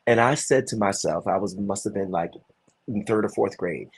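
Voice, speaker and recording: Husky low-voiced man telling stories. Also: fairly quick. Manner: animated, storytelling, many restarts. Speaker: Broadway performer guest. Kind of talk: conversational interview.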